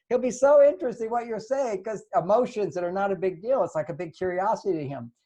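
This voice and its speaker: A man's voice: high-pitched, brisk, mellow. An older man giving relationship advice in an earnest, lecturing way, acting out the lines he quotes. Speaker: relationship author and guest. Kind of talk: advice talk.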